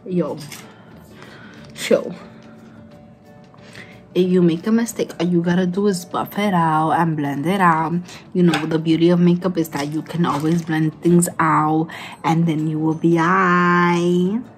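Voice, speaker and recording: Faint music plays behind a young beauty vlogger whose voice is on the low side, steady in tone, and a little slow with long pauses. A bit tipsy, she rambles and playfully swears during a casual makeup tutorial.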